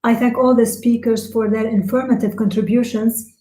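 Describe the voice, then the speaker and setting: A woman interpreting a webinar live, in a halting delivery full of filler sounds and restarts. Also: on the high side, fairly even intonation, dark tone, echoey room, low-quality recording. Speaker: simultaneous interpreter.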